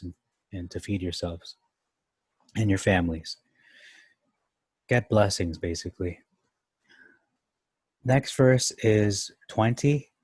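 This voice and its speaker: A man's voice: low-pitched, darkish tone, husky, no room sound. A man teaching through a Bible chapter, thinking aloud as he reads and explains verses, comparing translations. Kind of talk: casual Bible study commentary.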